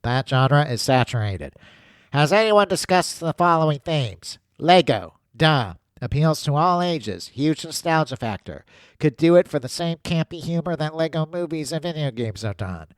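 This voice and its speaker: A man's voice: a little high, very animated, moderate pace, no room sound, pitched above the performer's own voice. A man putting on a clumsy, self-mocking mock Boston accent to read a listener's letter aloud on a podcast.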